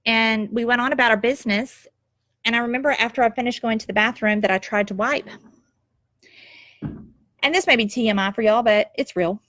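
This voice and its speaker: A woman's voice: fairly high pitch, normal speed, long pauses, a bit bright, no echo, studio quality. A woman, telling a personal story in an emotional, heartfelt and reflective way, tearful at times. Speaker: nurse sharing a personal story.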